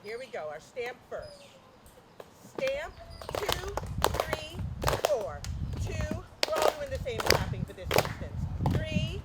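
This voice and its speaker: A woman leads a flamenco class, calling out steps and counting beats, some in Spanish. Her voice sits high and she speaks slowly and deliberately. The community TV recording carries clear background noise. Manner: energetic, counts beats aloud, mixes in Spanish counts. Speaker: flamenco dance instructor. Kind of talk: dance class instruction with counting. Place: dance class, community TV broadcast.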